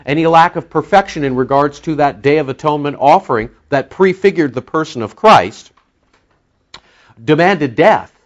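A man preaching an expository sermon, talking conversationally with many fillers and slowing down to stress key words. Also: fairly high pitch, highs cut off. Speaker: pastor teaching a Bible study.

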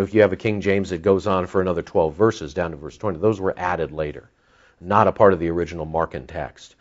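A man preaching a sermon in an animated, conversational way, acting out the lines he quotes. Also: mid-range voice. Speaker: pastor. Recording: dull lo-fi sound.

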